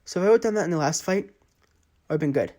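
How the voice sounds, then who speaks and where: Man, gameplay commentary, exasperated play-by-play, slightly high voice. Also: lively intonation, very fast, darkish tone. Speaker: gaming channel host.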